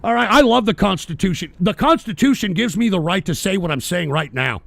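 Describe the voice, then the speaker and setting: A man hosting a radio show, delivering a profane, angry political rant that often breaks into shouting. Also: sits high, lively intonation, brisk, gravelly, no echo.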